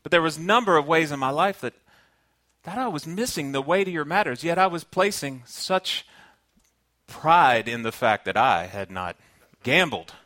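A man's voice: fairly high pitch, animated, moderate pace, pushed and bright, no echo. A man from Kentucky with a Southern accent, preaching a sermon in an earnest, conversational way and weaving in personal stories. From Kentucky, United States. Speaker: pastor.

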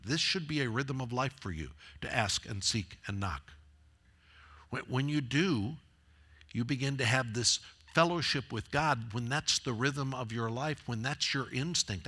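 A man's voice: mid-range voice, unhurried, pushed and bright, husky. A man preaching a sermon in a conversational way, rising into emphatic repeated phrases. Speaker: pastor.

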